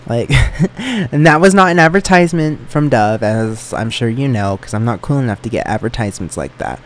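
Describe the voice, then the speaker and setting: A man's voice: medium pitch, expressive, moderate pace. Young man rambling on his solo podcast. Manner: rambling, self-deprecating and joking. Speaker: podcast host.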